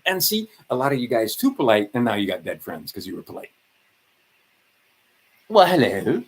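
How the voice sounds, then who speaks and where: A man's voice: fairly low pitch, huge pitch swings, fast talker, husky. Swearing, sarcastic ranting man. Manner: profane, sarcastic, rambling rant. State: tired. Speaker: livestream host. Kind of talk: ranting livestream monologue.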